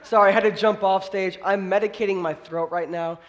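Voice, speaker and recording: Hoarse, high-voiced pastor preaching. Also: male voice, fairly quick, dull audio. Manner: energetic, chatty, engages the congregation. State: hoarse, losing his voice. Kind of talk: sermon.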